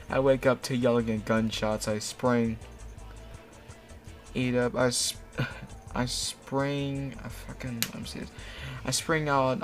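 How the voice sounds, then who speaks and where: Young male host, sarcastic mock-reading, quiet music underneath. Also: medium pitch. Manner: sarcastic, swearing, laughing often. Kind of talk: mocking read-aloud commentary.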